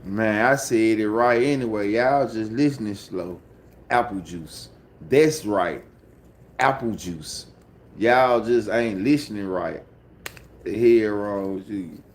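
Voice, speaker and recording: A man's voice: on the low side, unhurried, a little hiss or hum. A man with a Memphis accent chatting casually on a phone livestream at home, sleepy and laid-back, with a repetitive, mumbled drawl. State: sleepy, just woke up.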